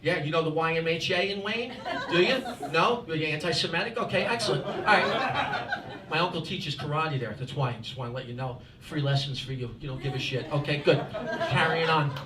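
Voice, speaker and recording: New stand-up guy, high voice, chatty crowd-work, roomy club mic with laughter behind. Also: animated, fairly quick, distant mic. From New Jersey, US. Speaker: stand-up comedian. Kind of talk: stand-up set. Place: comedy club with live audience.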